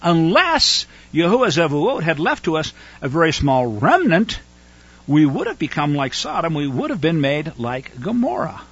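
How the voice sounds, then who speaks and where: Husky sarcastic preacher man, lively pitch. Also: moderate pace, lo-fi sound. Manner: sarcastic, scolding, mocking asides. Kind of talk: sermon.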